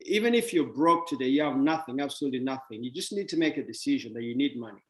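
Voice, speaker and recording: A man's voice: medium pitch, expressive, fast, fairly bright tone, echoey room. A man giving a motivational talk on money, playful with wordplay and laughs, then blunt and dismissive.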